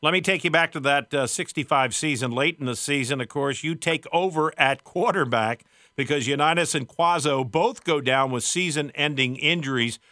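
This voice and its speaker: A man's voice: a little high, normal speed, bright, forceful tone, no room sound, studio quality. A male host asking long, leading questions with filler words. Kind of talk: interview questions.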